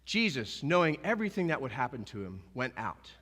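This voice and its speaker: A male pastor preaching a sermon, animated and emphatic, acting out scenes as he goes. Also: medium pitch, fairly quick, big-room sound. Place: church sanctuary.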